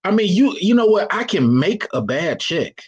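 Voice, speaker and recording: A man's voice: high voice, big pitch swings, normal speed, slightly rough, lo-fi sound. A man hosting a live call-in show, giving blunt, preachy dating advice in casual slang and reading out chat comments. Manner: casual slang, frequent restarts.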